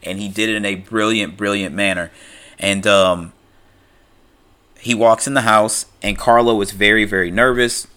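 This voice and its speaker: A man's voice: on the low side, steady tone, moderate pace, sharp tone, clean tone. A man retelling a film plot in loose, conversational talk, full of fillers and restarts. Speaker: film recap commentator.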